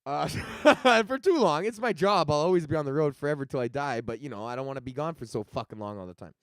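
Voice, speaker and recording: A man's voice: on the high side, fast, dry recording. A man hosting his own comedy podcast, telling stories in a casual, profane rant and acting out the lines of people he quotes. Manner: profane, animated storytelling with acted-out quotes. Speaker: podcast host and stand-up comedian.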